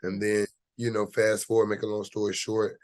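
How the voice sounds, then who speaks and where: This man, an actor from the United States, is a guest in an interview and relaxes into telling his story with plenty of filler words. His voice is on the low side and darkish, delivered completely flat at a normal speed, with no room sound.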